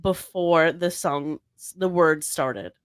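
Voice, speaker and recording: Chatty woman, lower voice. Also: takes it slowly. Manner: chatty, many likes and fillers. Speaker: podcast co-host. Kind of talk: casual chat.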